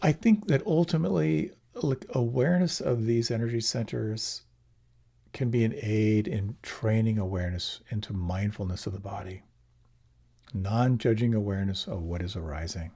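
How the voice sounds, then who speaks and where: A middle-aged man giving a gentle, unhurried meditation talk, often restarting his phrases as he teaches. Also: fairly low pitch, vocal fry, husky. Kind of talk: dharma talk.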